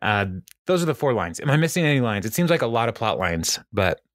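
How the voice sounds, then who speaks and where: A man's voice: mid-range voice, big pitch swings, quick pace, no echo, clean studio sound. A man co-hosting a podcast, recapping a TV episode in casual, meandering chat and chuckling often. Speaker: podcast co-host.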